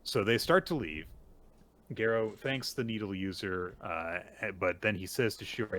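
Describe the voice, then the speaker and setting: A man casually recapping a manga chapter as a podcast co-host, retelling the story in a lively way. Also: lowish voice, normal speed. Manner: animated retelling with small acted quotes.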